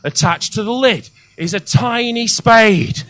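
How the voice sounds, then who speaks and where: A male stand-up comedian telling crude stories, loud and sweary, building to shouts. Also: high voice, slow pace, hardly any pauses, a faint crowd.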